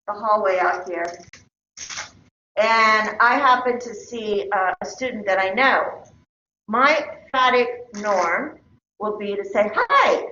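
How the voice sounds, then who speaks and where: A woman's voice: mid-range voice, fairly bright tone, a little hiss or hum. An older woman lecturing a college class in a conversational way, checking in with her students. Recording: roomy, dull lecture-hall recording.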